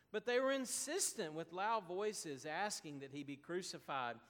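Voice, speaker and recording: A man preaching a sermon as pastor, slow and deliberate with emphatic pauses. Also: fairly high pitch, animated, fairly bright tone, big-room sound.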